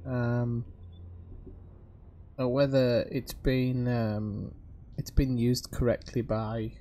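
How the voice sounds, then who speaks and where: A man's voice: medium pitch, flat delivery, very slow, warm tone, slight background noise. A man chatting casually to his viewers while streaming a video game. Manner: chatty, talks straight to viewers. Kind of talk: casual live-stream chat while playing.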